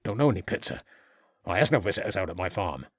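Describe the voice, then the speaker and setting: A man putting on a hostile country farmer under interrogation, all bluster and denial. The voice lurches up and down as he protests, rough in grammar and quick to snap. Recorded dry and close. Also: low-pitched, sing-song, dry recording, voice pushed down, exaggerated voice. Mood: defiant, aggressive. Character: surly, aggressive male country farmer under questioning. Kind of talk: audiobook character voice.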